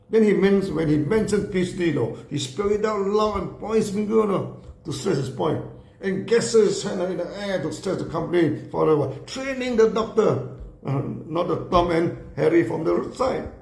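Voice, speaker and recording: Man, high gravelly voice, storytelling, acts out quotes, says "you know" a lot, echoey room. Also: animated, normal speed, a little mellow. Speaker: speaker telling a business story. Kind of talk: storytelling talk.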